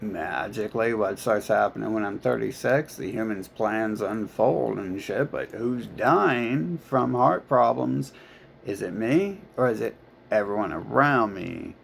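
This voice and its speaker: A man's voice: lowish voice, creaky, slight background noise. A man talking in a rambling, profane monologue full of filler words and restarts.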